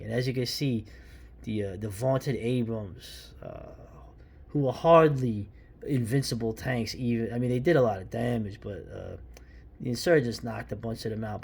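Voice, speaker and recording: The voice is medium-pitched, darkish, and slightly rough: a comic book reviewer from New York in his fifties, leafing through an old comic. His commentary is casual and opinionated, full of rambling asides and restarts.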